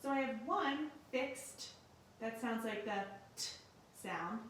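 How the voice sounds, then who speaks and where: A woman teacher giving a recorded lesson in a slow, clear and patient way. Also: on the high side, animated, a bit bright, a little hiss or hum. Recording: very echoey room, mic at a distance.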